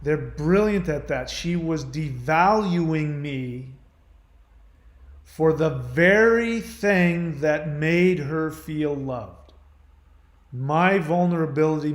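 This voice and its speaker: A man speaks in an earnest, emphatic monologue, stopping and restarting as he goes. His voice sits a little high for a man. The room is echoey around him. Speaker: channel host. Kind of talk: personal monologue.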